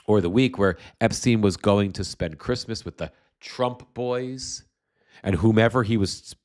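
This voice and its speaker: Deep-voiced sarcastic man hosting a livestream. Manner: sarcastic, rambling with restarts. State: recovering from a cold, slight cough. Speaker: livestream host. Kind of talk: casual live political commentary.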